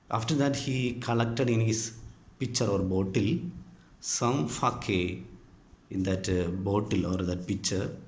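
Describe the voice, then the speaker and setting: Slow-speaking Indian English male teacher. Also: on the low side, darkish tone. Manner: patient, explaining step by step with frequent pauses. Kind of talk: storytelling lesson to students. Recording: echoey room with faint ambient noise.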